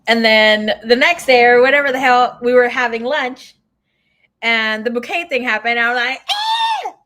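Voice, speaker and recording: A woman's voice: a little high, steady tone, moderate pace, bright, forceful tone. A woman giving a casual live tarot reading, chatting and telling stories to viewers she calls by name. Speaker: tarot reader.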